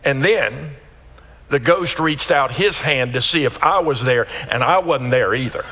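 A man's voice: mid-range voice, measured pace, long reverb tail, slight background noise. A man preaching a sermon as pastor, telling a story with frequent restarts. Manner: storytelling, animated with repeated restarts.

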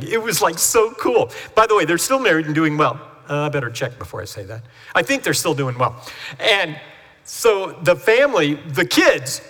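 A man's voice: a little high, bright, forceful tone. A man preaching a sermon as the family pastor, chatty and storytelling, acting out quoted voices as he goes. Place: church sanctuary. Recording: long hall reverb from a church sanctuary.

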